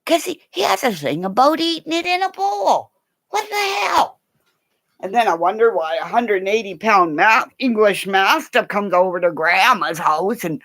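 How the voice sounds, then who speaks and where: A middle-aged woman hosting a rambling, casual livestream chat, excitable, gasping and dropping into whispers. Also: mid-range voice, dry recording, clean studio sound. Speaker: livestream host.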